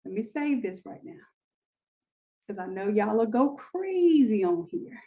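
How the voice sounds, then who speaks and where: A woman hosting a live online design class, pitching offers and teaching with lots of energy, repeating herself and talking straight to her viewers. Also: big pitch swings, unhurried, mellow, lo-fi sound.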